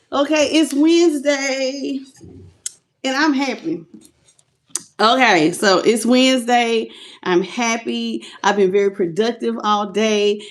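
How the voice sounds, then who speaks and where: A woman hosting a live tarot reading, greeting viewers by name in a playful, affectionate way, calling them baby and boo, laughing often and stretching out her greetings. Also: fairly high pitch.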